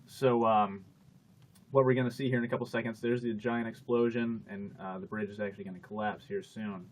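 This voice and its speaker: A man's voice: fairly low pitch, fairly even intonation, fairly quick, slight background noise. A man hosting a casual group chat show, talking in a rambling, chatty way and laughing often. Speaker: show host.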